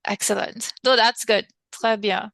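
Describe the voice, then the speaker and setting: A woman's voice: mid-range voice, fairly even intonation, a little slow, gravelly, fairly bright tone, no echo. A woman teaching an online French class, encouraging her students and mixing English with French phrases.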